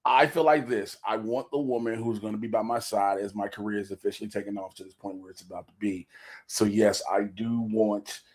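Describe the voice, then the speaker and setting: A man's voice: lowish voice, steady tone, brisk, breathy edge. A man in his forties co-hosting a casual livestream, joking loosely and reading out donor messages. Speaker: podcast co-host.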